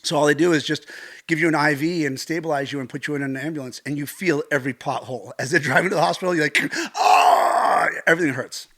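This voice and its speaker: A middle-aged American man, a stunt coordinator, telling a vivid personal story with lively gestures and acted-out quotes. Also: fairly high pitch, rapid-fire. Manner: animated, acts out quotes, swears casually.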